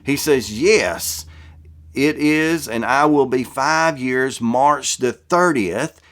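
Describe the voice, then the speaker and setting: A man's voice: mid-range voice, takes it slowly, fairly bright tone. Southern guy reading out comments, folksy, trips over names now and then, middle-aged. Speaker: transplant vlogger reading viewer comments.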